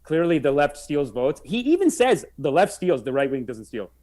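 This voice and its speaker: A man's voice: on the high side, sing-song, normal speed, a little mellow. A man co-hosting a casual podcast, talking bluntly and sarcastically. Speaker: podcast co-host.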